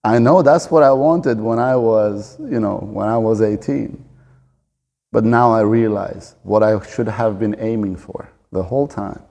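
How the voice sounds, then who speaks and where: A man in his forties talks straight to camera, earnest and direct as he coaches the listener on staying fit. His voice is mellow and relaxed. The sound carries the long reverb of a big gym room. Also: medium pitch, gravelly. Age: 40s. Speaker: fitness and fighting coach. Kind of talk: motivational talk to camera.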